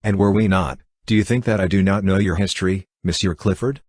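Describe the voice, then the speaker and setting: A man reading a calm, gently sarcastic young woman in an audiobook, with little change from his own voice. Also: low-pitched, brisk, breathy edge, dry recording, clean studio sound. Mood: teasing. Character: young woman, cool and teasing.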